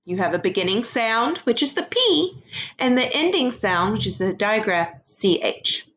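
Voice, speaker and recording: A woman teaching a first grade phonics lesson to young children, sounding out words slowly in a sing-song teacher voice. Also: on the high side, big pitch swings, fairly bright tone, a little hiss or hum.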